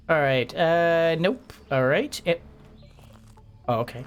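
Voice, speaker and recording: A woman giving casual, excitable commentary while she plays a game, chatting away with frequent gasps and laughs. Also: low-pitched, slow pace, pauses often, faint music behind. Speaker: gameplay streamer.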